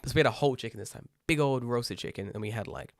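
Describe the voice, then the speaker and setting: A young man, co-hosting a casual podcast, telling animated stories and swearing freely. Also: mid-range voice, fast, no room sound, clean studio sound. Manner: lively storyteller, swears freely, impersonates friends. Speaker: podcast co-host.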